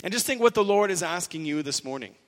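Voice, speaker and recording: A man's voice: high-pitched, animated, fast, long reverb tail. A male pastor preaching an earnest sermon, voicing quoted lines with rising emphasis.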